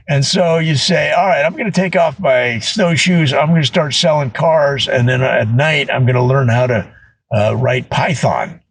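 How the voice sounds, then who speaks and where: Husky-voiced man doing comic bits. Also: on the high side, low-quality recording. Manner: animated storytelling with laughs and voiced asides. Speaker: comedian. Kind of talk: comedic monologue.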